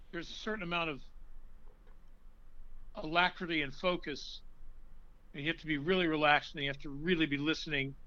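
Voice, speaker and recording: A man, an actor, telling stories in an interview, animated, breaking now and then into loud put-on voices. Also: on the high side, lo-fi sound. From from an Irish blue-collar family. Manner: animated storyteller, bursts into loud character voices. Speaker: actor guest. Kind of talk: conversational interview storytelling.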